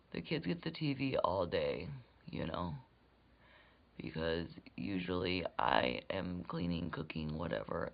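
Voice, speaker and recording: A woman's voice: rumbling low, creaky. A woman rambling through a casual makeup tutorial, swearing freely and slipping into whispered asides. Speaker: beauty vlogger. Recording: dull lo-fi recording.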